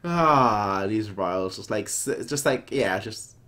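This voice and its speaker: A man with a fairly low voice and a measured pace chats casually while reacting to a manga chapter. He's animated and rambling, frequently restarting his sentences and using fillers.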